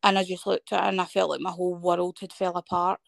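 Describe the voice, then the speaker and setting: A Scottish woman in her thirties, speaking fast in a lowish voice with vocal fry, is a guest telling a personal story in conversation. She's an animated storyteller who acts out what people said to her. The studio-quality recording has no room sound.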